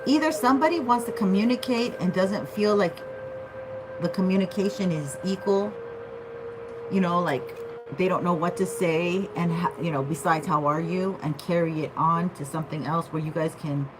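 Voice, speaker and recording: A woman's voice: lowish voice, moderate pace, over music, rough recording. A woman giving a casual tarot reading, chatty and loose, often checking in with "okay?". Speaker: tarot reader.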